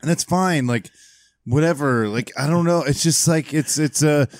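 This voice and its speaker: A man's voice: a little high, normal speed, no room sound. A man in casual podcast chat, hesitant and backpedaling as he tries to make a point.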